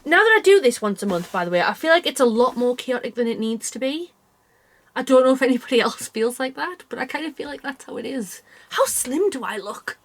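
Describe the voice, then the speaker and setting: Fast, animated, and high-pitched, this woman from the UK vlogs from her bedroom, happily rambling about her cross stitch in a casual chat to camera, with frequent self-mocking asides.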